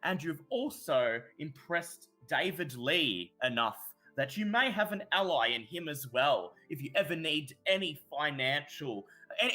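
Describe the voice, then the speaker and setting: A man narrating a tabletop horror game as game master, telling the scene in an animated way with hesitations. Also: a little high.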